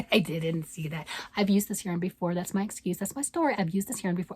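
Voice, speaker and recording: A woman's voice: medium pitch, lively intonation, fairly quick, darkish tone, slight background noise. An older woman, a grandmother, chatting casually about yarn and knitting on her vlog, rambling and often asking "right?". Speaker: yarn vlogger. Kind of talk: casual chat.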